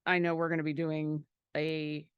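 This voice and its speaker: A woman chatting casually on a livestream while painting miniatures, playful and full of quick asides. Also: sits low, monotone, clean tone, no echo, muffled recording. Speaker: mini painting teacher.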